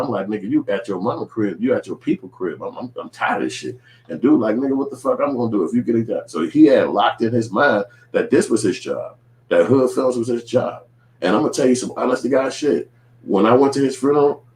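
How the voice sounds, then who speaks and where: A man's voice: on the low side, echoey room. A man, ranting casually to camera in profane, emphatic street talk. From Chicago. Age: 40s. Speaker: independent filmmaker and vlogger. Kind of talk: casual reaction rant to camera.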